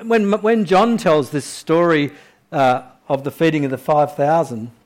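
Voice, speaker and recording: A male preacher with a notably high-pitched voice delivers a sermon to his church. He shifts between hushed, slow reflection and rising, emphatic questions. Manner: swings from quiet, low reflection to loud, high-pitched questioning.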